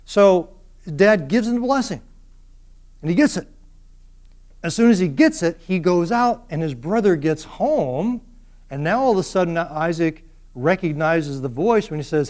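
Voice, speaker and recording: High-voiced animated male lecturer. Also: moderate pace. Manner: animated, engages students with questions. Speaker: university lecturer. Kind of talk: classroom lecture. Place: lecture classroom.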